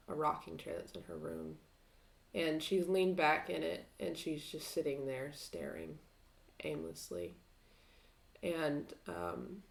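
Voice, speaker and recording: A woman narrating a tabletop game as game master, halting with many fillers. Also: sits low, gravelly. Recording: roomy echo.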